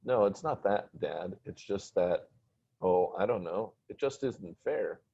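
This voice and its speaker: A man's voice: low voice, animated, slow pace, gravelly, dark tone, breathy edge, heavily acted. A man voicing a frustrated sixteen-year-old boy who talks in pleading, whiny complaints. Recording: dull lo-fi recording.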